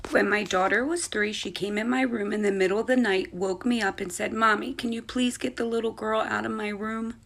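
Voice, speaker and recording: A mother casually telling a spooky personal story, animated and blunt, acting out what everyone said. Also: mid-range voice, brisk, vocal fry, hardly any pauses. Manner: animated, swearing, acting out quotes.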